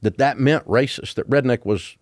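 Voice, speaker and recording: A man in his sixties from the Deep South with a Southern American accent, telling stories as a guest in a casual interview. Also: moderate pace, dry recording, studio quality. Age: 60s. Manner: storytelling, folksy, chuckling. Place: office at his headquarters.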